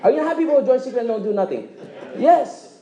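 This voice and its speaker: A man with a high, bouncy voice pitches a business to a live crowd, cracking jokes and firing questions at the room. His tone is mellow and dark-edged rather than sharp. The sound is echoey, as in a meeting room. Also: animated, lo-fi sound. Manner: joking, quizzes the audience, acts out quick dialogues. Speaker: presenter at a direct-sales meeting. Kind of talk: motivational sales presentation.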